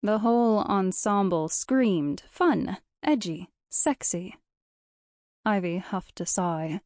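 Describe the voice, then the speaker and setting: Female audiobook narrator, warm and measured, close dry read. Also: mid-range voice, expressive, no echo.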